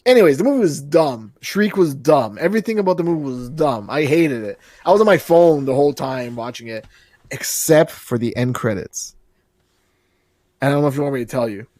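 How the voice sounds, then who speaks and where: A man of ordinary pitch co-hosts a podcast in loose, casual chat. He rambles excitedly and swears freely, heard in dry, close sound. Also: fairly quick, dry recording. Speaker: podcast co-host.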